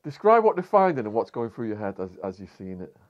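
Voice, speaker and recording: Podcast host guy, steady questions, muffled lo-fi sound. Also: on the low side, fast talker. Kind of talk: interviewing. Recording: dull lo-fi sound.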